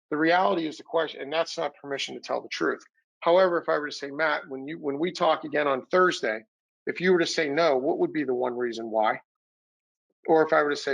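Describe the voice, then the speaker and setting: Fast and gravelly, with a fairly high, slightly bright voice, a man runs a sales training webinar over video call despite being a little winded as he recovers from illness. He coaches with energy and acts out quoted dialogue, all on poor audio.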